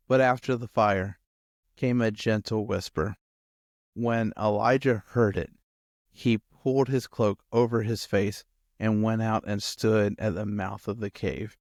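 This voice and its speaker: Male campus pastor, animated sermon delivery, mid pitch, close dry sound. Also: normal speed, no room sound. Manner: animated, acts out quotes, talks to the listeners directly.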